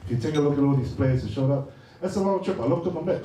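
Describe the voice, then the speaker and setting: Speaking fast with a dark tone and a voice on the high side, a middle-aged Samoan man offers a casual, joking birthday speech full of fillers and hesitation. The handheld-mic recording comes from far off in a large, echoey, noisy party hall.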